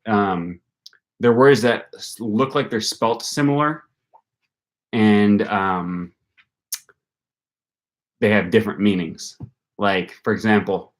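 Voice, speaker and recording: Rambling young man with Wisconsin accent. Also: fairly low pitch. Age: young adult. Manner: rambling, thinks aloud with many ums and likes. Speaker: language-learning channel host. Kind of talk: casual livestream chat with viewers.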